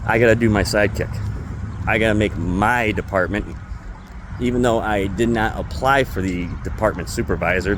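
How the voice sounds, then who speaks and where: Over some background noise, a man with a fairly low voice rants angrily in a casual vlog, swearing heavily as he vents about his job as a retail store employee.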